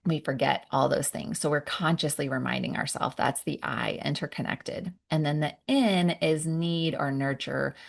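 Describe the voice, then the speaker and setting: A woman who works as a parenting coach and therapist, giving a gentle, reflective podcast talk that explains each step and pauses to sigh between thoughts. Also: deep voice, gravelly.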